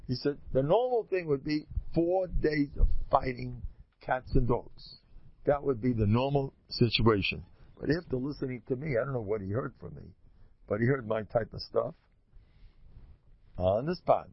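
Male lecturer, gravelly, rambling storyteller, muffled lo-fi recording. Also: medium pitch, moderate pace. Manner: rambling storyteller who acts out dialogue. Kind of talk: informal religious talk to an audience. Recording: muffled lo-fi recording with faint noise.

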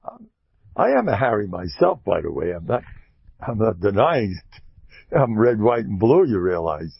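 A man's voice: on the low side, normal speed, creaky, husky, dry recording, dull audio. A man giving an informal, joking Torah talk, acting out quotes. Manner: animated, joking, acts out quotes. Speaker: rebbe and speaker.

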